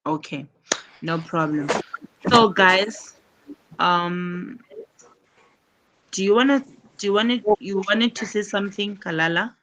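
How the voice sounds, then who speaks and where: A woman's voice: mid-range voice, slow pace, pauses often, fairly bright tone. A woman teaching a live online English class over a video call, explaining patiently and working through repeated examples.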